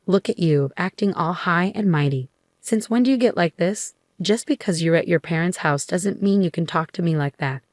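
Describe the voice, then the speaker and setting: A snide, scornful husband who talks down to his wife and rants at her, read by a woman narrator in her own lowish voice. The sound is dry, close and free of room echo. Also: moderate pace, a little mellow, natural voice. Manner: snide, ranting. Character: scornful condescending husband, adult man.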